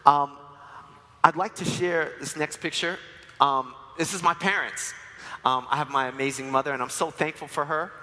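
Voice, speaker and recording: Speaking at a moderate pace with fairly even intonation, a man in his forties from New York gives a sermon in a church sanctuary, telling personal stories with playful humor. His voice is on the high side, bright and forceful, with a church hall's long reverb around it.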